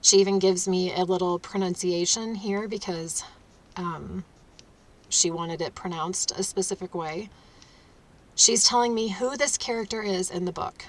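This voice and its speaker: Slow, deliberate woman coaching authors. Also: on the low side. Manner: emphatic, instructive, breaks into short laughs. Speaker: audiobook narrator and trainer. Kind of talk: instructional talk to authors.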